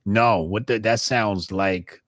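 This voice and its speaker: A man's voice: on the low side, slow, a bit bright. A middle-aged man, joking bluntly and swearing in casual chat.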